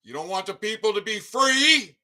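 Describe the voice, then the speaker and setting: Profane, shouting middle-aged man ranting. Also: sits high, lively intonation, moderate pace. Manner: sarcastic mocking asides. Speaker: livestream host. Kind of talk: ranting livestream.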